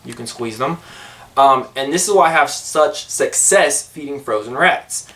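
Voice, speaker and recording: A man's voice: mid-range voice, unhurried, fairly bright tone, recorded from a distance. A man chatting casually through a snake-feeding vlog, rambling with jokey asides. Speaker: pet snake vlogger.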